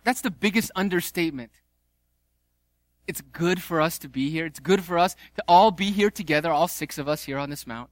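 A man preaching a sermon, animated and conversational, with playful asides. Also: on the high side, normal speed, dry recording. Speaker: pastor.

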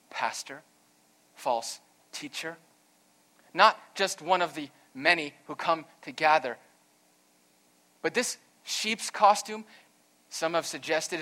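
A pastor preaching an earnest, emphatic sermon, weaving in a storytelling aside. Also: male voice, a little high, pushed and bright.

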